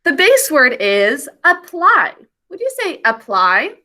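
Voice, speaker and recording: A woman teaching an online spelling and grammar lesson over a video call, slow, clear and encouraging as she sounds out words. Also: high voice, very animated, pushed and bright.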